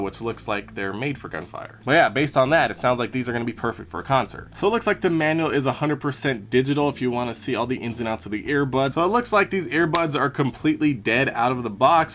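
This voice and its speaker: A man in a relaxed, chatty product review, narrating what he does as he goes. His voice sits at an ordinary middle pitch, and his talk is easygoing and conversational. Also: a little hiss or hum. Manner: chatty, talks through each step as he handles the product. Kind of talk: casual unboxing and review.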